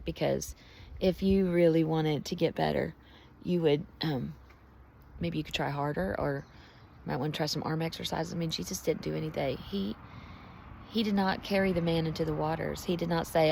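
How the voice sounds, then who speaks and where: Tearful low-voiced woman. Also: fairly even intonation, normal speed, creaky, a little mellow, a little hiss or hum. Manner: tearful, heartfelt, drops to near whispers. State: emotional, close to crying. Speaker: Christian vlogger. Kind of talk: emotional devotional talk.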